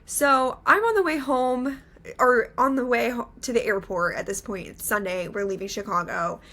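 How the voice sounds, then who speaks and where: A young woman co-hosting a podcast, chatting through a story in an animated way with many filler words. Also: on the high side, normal speed. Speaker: podcast co-host. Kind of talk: casual storytelling chat.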